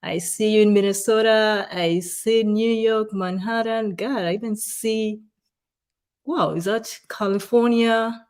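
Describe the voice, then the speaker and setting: A woman's voice: medium pitch, steady tone, measured pace, a little mellow, smooth. A woman with a Ugandan accent co-hosting a live stream, chatting casually, greeting viewers and reading their comments aloud. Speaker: livestream co-host.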